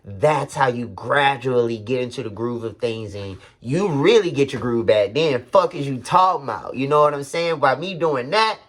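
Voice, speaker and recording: A man in his thirties talks candidly to his viewers in a personal vlog, earnest and heartfelt. His speech is loose and streetwise, peppered with "you feel me" check-ins, in a voice of ordinary middle pitch. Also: animated, moderate pace, hardly any pauses, fairly bright tone. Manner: streetwise slang with frequent "you feel me" asides. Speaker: vlogger.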